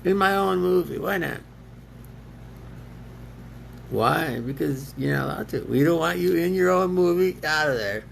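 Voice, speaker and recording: A man with a deeply gravelly, fry-heavy voice sitting a bit high for a man. He rambles slowly in a loose self-talk monologue, breaking into laughs and answering himself. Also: expressive, slight background noise. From United States. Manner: laughs often, argues with himself in two voices.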